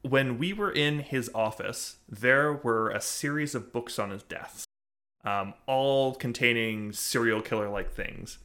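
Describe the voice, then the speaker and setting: A man's voice: medium pitch, unhurried, bright, forceful tone. A man co-hosting a TV recap podcast, chatting casually with many fillers, laughs and swearing. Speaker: podcast co-host. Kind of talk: casual chat.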